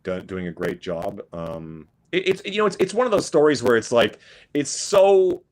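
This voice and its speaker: A man's voice: medium pitch, big pitch swings, moderate pace, a little mellow. A middle-aged man chatting casually as a podcast guest, rambling with restarts and asides. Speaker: guest musician.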